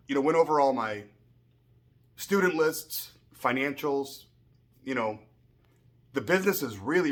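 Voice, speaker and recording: Middle-aged guy rambling about life news, keeps clearing his throat, mid pitch. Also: fairly bright tone. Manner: rambling and emotional, frequent restarts and throat clearing. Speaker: martial arts school owner. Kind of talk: casual personal update.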